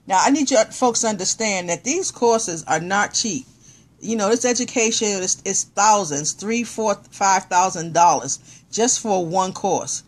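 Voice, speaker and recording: A middle-aged woman talking casually to viewers on a live stream, excited and encouraging, thanking people as she tells a personal story. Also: medium pitch, unhurried. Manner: excited, animated, preachy encouragement.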